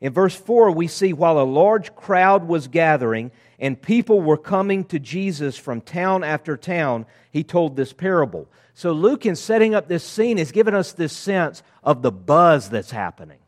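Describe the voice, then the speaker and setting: A fairly high-pitched male pastor preaches in a lively, conversational way. In casual asides, he acts out the voices of the crowd and the disciples.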